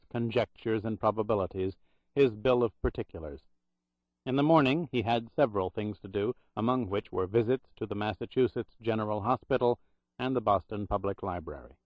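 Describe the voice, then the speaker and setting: A man reading a thriller audiobook in steady, scripted narration. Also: lowish voice, no echo. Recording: dry, slightly muffled recording.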